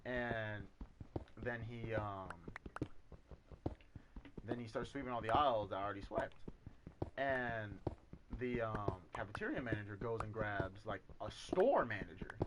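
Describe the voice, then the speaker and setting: A man's voice: fairly low pitch, measured pace, long pauses, noisy background. A young man in casual storytelling over gameplay, rambling and swearing as he retells a work story. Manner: rambling, swears a lot, animated retelling with quoted voices. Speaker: gaming YouTuber.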